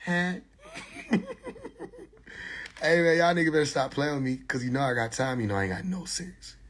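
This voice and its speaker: Husky, animated young man ranting. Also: medium pitch, quick pace. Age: 20s. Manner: profane, mocking, bursts into laughter and shouts. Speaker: livestreamer. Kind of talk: casual livestream rant. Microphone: phone.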